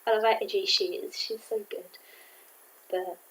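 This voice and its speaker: A woman's voice: medium pitch, normal speed, low-quality recording. Chatty rambling young-sounding woman. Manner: rambling, chatty, excitable, many fillers. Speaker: vlogger reviewing a cartoon episode. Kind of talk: casual review chat. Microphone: camera mic.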